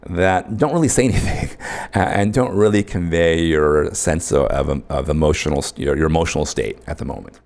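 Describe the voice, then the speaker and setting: A man's voice: extremely low pitch, normal speed, vocal fry, a little mellow. A man teaching an online course in a conversational way, often checking in with his listeners. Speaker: course instructor.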